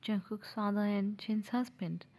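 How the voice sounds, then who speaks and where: A woman voicing a calm, gentle middle-aged mafia father in a fan audio drama, speaking in a reassuring way. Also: mid-range voice, unhurried.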